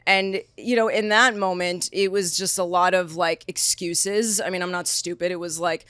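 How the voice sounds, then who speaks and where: A woman's voice: lowish voice, moderate pace, hardly any pauses, clean tone, dry recording. Chatty young woman telling a story. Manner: animated storyteller, acts out quotes, many likes. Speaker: podcast guest. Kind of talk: casual chat.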